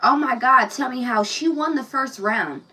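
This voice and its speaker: A woman's voice: sits high, moderate pace, sharp tone, breathy edge, recorded from a distance, poor audio. A woman giving a casual tarot reading, telling a personal story and talking bluntly and profanely straight to the viewer. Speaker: tarot reader.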